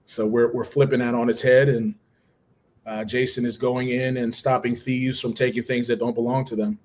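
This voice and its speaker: A man co-hosting a live stream, walking through comic pages in an even tone with many pauses. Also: mid-range voice, slight background noise. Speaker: co-host. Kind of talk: describing comic art.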